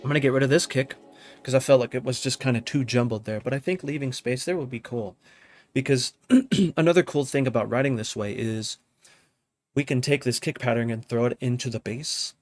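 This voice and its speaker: A man's voice: medium pitch, brisk, soft background music. A man casually teaching drum programming in his home studio, thinking aloud and often checking in with "you know what I mean?". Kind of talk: casual live tutorial.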